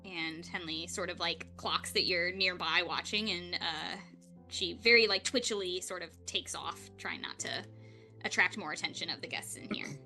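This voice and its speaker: A woman running a tabletop game as game master, narrating in a chatty, relaxed way with many fillers. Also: lowish voice, moderate pace, soft background music.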